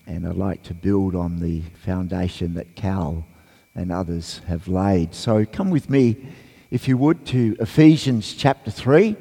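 A man with a croaky voice giving a sermon as a guest preacher, hesitant with fillers, then reading scripture and praying with fervour. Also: low voice. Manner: hesitant, many fillers, then rises into loud fervent reading. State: croaky voice from a cold. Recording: long church reverb.

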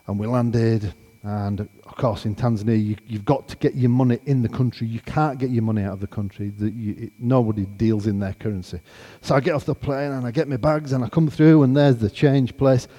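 Warm-voiced man telling a story. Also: mid-range voice, fairly quick, big-room sound. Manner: animated, acts out conversations. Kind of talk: storytelling testimony.

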